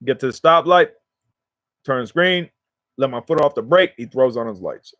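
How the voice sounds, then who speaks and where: Casual male vlogger, slangy rambling storyteller, mid pitch, dry close recording. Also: animated, normal speed, no echo, highs cut off. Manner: slangy, rambling, talks to viewers directly. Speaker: cannabis vlogger.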